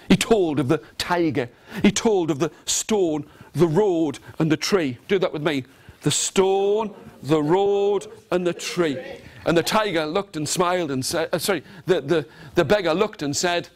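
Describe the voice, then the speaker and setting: A man's voice: a little high, moderate pace. A man leading an interactive storytelling workshop for teachers, telling a folk tale in a theatrical way and getting the audience to join in with actions and repeated lines. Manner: animated and theatrical, leading the audience in call-and-response. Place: large room with a live audience.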